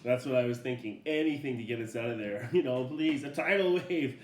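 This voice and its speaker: A middle-aged man, a father, casually telling a family story in a relaxed, rambling way, laughing often as he goes. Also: medium pitch, brisk, slight background noise. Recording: roomy echo.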